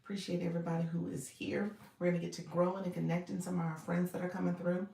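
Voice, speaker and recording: A woman hosting a casual livestream from her home, chatting in a soft, low voice and greeting viewers by name. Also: flat delivery, fast, creaky. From Florida. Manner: talks softly and low, near a whisper. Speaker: livestream host and coach. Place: home room. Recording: echoey room, distant mic.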